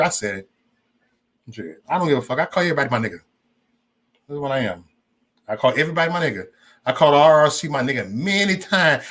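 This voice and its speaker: Male livestream host, lively pitch, rambling and foul-mouthed, casual chat with viewers. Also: fairly quick, slightly rough. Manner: profane, loose and rambling, talks straight to chat.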